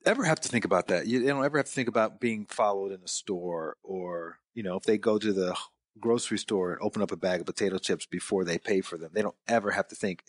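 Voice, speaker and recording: A man's voice: on the low side, no room sound. A man hosting a conversation, explaining his view thoughtfully with everyday examples. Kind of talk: casual conversation.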